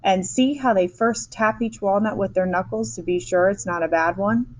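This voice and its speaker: A woman voicing a brisk, eccentric male chocolate maker who hurries everyone along, reading a storybook aloud. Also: medium pitch, darkish tone, lightly acted, poor audio. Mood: brisk cheer.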